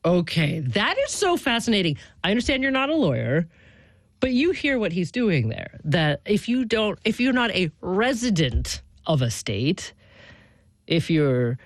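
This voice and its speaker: This talk-radio host asks questions with a lively, swinging pitch and often breaks off to restart a thought. The voice is recorded dry and close on a studio mic. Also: no room sound. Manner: animated, quick, self-interrupting. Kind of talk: interview questions.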